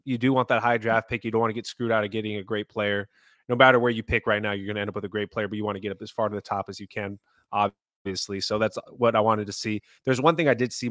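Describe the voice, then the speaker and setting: A man's voice: fairly low pitch, a bit bright, no echo, clean studio sound. A man co-hosting a sports podcast, giving his opinions in casual chat. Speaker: podcast co-host.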